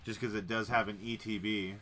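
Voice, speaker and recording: A man's voice: fairly low pitch, level tone, fairly quick, fairly bright tone, faint music behind. A man hosting a livestream, casually chatting and reading card text aloud with wry, muttered asides. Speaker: livestream host opening card packs. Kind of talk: casual chat while reading cards aloud.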